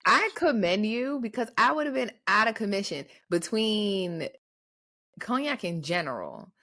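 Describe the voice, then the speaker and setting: Blunt, lively-voiced woman podcast co-host. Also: medium pitch, a little slow. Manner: blunt, emphatic, swears for emphasis. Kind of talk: casual chat.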